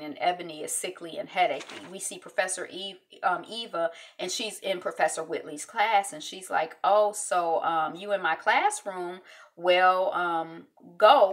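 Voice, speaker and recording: A woman casually recapping a TV episode, with lots of ums and quick acted-out quotes from the scenes. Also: fairly low pitch. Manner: chatty, many ums, acts out quotes in lively voices. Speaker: TV recap host.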